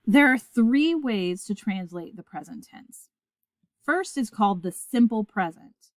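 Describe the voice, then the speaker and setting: A woman teaching a Latin grammar lesson in a clear, deliberate scripted narration, reciting word forms aloud for listeners to repeat. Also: medium pitch, expressive, dry recording.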